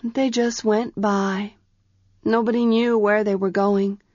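A woman's voice: mid-range voice, little pitch movement, takes it slowly, a little mellow, no echo, highs cut off, pitched above the performer's own voice. A woman reading a storybook, voicing a chatty, easygoing young girl who talks eagerly and tells stories.

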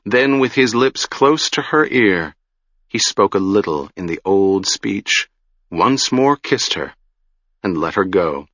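Slow, deliberate male storyteller. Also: fairly low pitch, expressive, fairly bright tone, no room sound, lo-fi sound. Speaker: audiobook narrator. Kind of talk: scripted fantasy narration.

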